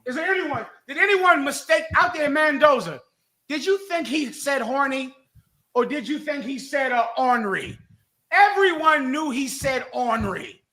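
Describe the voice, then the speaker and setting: A man hosting a live talk show, mocking and animated as he rants. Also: very high-pitched, moderate pace. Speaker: host. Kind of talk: heated live radio commentary.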